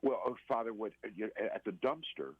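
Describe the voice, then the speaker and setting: Deep husky man on a phone line. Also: animated, no echo. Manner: earnest, halting, with many restarts. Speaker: radio interview guest. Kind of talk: personal storytelling in a radio interview.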